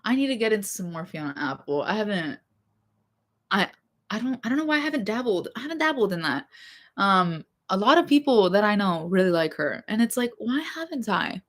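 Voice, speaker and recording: A woman's voice: mid-range voice, big pitch swings, brisk. A young woman vlogger chatting casually about songs that move her, rambling with lots of fillers and laughing asides. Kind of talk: casual chat about music.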